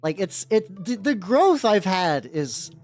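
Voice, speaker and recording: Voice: mid-range voice, sing-song, slow, a little mellow. A streamer chatting casually with live viewers while painting miniatures, rambling and leaning hard on "like", with lots of restarts. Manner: rambling, heavy use of 'like', frequent restarts. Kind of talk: casual livestream chat with viewers. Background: faint background music.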